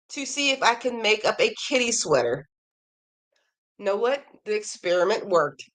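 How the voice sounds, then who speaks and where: A woman of medium pitch hosts a crochet podcast, reading viewers' emails at a normal speed in an animated, slightly bright voice. She's casual and enthusiastic, heaping praise on their work. Her voice sounds a touch strained, as though she's slightly losing it.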